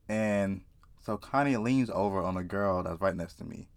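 Profane, excitable man telling a story. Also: low-pitched, moderate pace, dry recording. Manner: profane, excitable, laughs often. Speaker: vlogger. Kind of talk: casual storytelling to camera.

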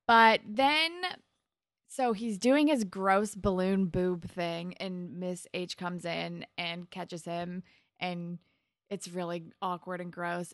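On a clean, echo-free studio recording, a woman with a low-leaning voice co-hosts a podcast. She chats casually and animatedly, acting out characters' lines as she recaps an episode.

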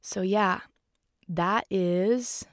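A woman's voice: medium pitch, drawn-out words, dry recording, clean studio sound. A woman recapping a film in casual talk, heartfelt and rambling with many fillers. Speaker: film reviewer.

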